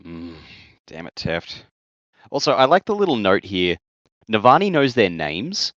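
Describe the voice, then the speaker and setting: Deep-voiced male co-host, easygoing book chat, on a dull, dry mic. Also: wildly swooping pitch, unhurried, a bit bright, no echo. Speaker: podcast co-host. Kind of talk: casual book-discussion chat.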